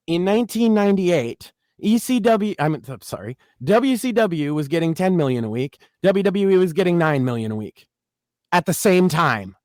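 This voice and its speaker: Male co-host, fairly high voice, opinionated and ranting, casual show chat. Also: expressive, normal speed, a little mellow, no echo, studio quality. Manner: opinionated, ranting, mocking quotes. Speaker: podcast co-host.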